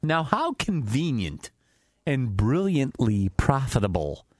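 Wisecracking man with a lively voice. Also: medium pitch, slow pace, no room sound, studio quality, soft background music. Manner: wisecracking, teasing. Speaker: co-host. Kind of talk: casual banter.

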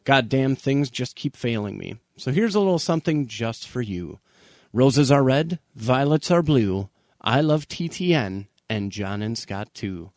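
Animated man reading listener mail. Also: medium pitch, unhurried, dry recording, studio quality. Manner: animated, reads messages aloud with mock emphasis. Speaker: podcast co-host reading listener messages. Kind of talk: casual comedic podcast banter.

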